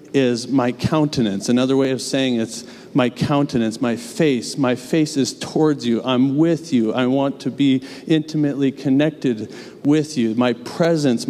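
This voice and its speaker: A young adult pastor preaches a sermon in church, earnest and conversational with casual asides. His voice is medium in pitch and dark in tone, and the recording carries a long church reverb.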